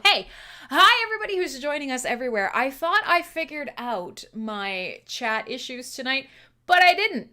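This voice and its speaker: A woman's voice: sits high, lively intonation, brisk, pushed and bright. A woman hosting a casual livestream radio show, chatty and scattered, giggling a lot and swearing freely. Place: home streaming setup.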